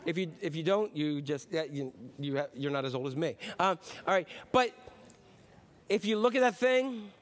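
Man, high voice, middle-aged, pastor, conversational sermon, rhetorical questions, church. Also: expressive, normal speed. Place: church before a congregation.

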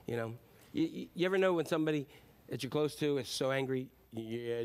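A man's voice: mid-range voice, a little fast. A middle-aged man preaching a sermon in a conversational way, acting out the lines of Bible characters. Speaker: pastor.

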